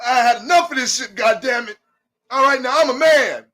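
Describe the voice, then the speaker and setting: A man acting out a fed-up man who finally snaps, shouting and swearing. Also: very high-pitched, moderate pace, pitched above the performer's own voice. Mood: furious.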